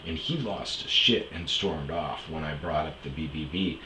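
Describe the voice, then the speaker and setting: A man with a deep voice tells a rambling personal story in a casual, animated way, slipping into the back-and-forth of the people involved and cursing now and then. He is recorded in an echoey room with a faint hiss underneath. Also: normal speed. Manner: animated, acts out dialogue, swears freely. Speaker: podcast host. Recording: roomy echo, faint background hiss.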